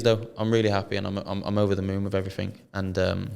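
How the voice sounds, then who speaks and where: Gravelly British man telling a story. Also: on the low side, very fast, hardly any pauses, long reverb tail. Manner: animated storytelling with slang and swearing. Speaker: podcast co-host. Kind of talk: casual chat.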